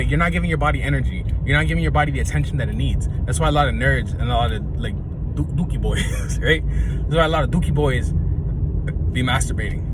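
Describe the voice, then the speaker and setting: A man's voice: medium pitch, background noise. A young man hosting, talking in a loose, slangy casual monologue and laughing often. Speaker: podcast host.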